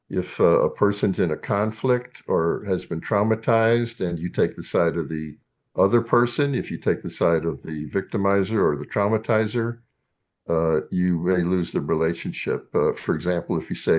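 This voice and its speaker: An older man lecturing a class as a psychologist, halting and full of fillers and restarts. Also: low voice, darkish tone.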